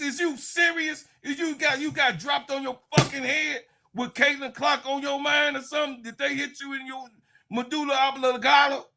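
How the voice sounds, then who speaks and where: Profane high-voiced man ranting about sports. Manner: loud, profane, laughing, mocking. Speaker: sports commentator. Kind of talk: heated casual rant.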